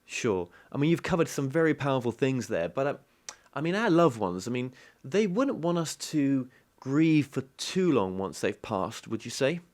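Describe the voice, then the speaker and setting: A man's voice: medium pitch, sing-song, moderate pace, a little mellow. A man hosting an interview, asking questions hesitantly with many fillers and agreeing often. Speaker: host.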